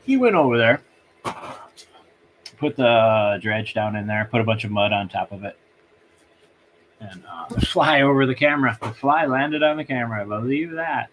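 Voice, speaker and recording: A man hosting a live stream from home, telling a long story in a rambling, halting way and circling back. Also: medium pitch, animated, a bit bright, a little hiss or hum.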